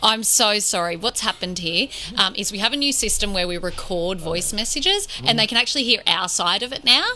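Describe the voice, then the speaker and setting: A woman's voice: medium pitch, expressive, a little fast, hardly any pauses, pushed and bright. A woman on a breakfast radio team, apologizing and explaining a recording mix-up.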